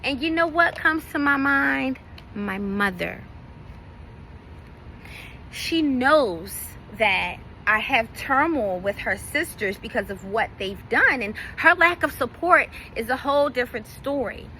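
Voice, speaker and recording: A woman's voice: high voice, animated, takes it slowly, pushed and bright, a little hiss or hum, rough recording. A woman telling a personal story to camera in a blunt, profane, indignant vlog rant. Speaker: vlogger.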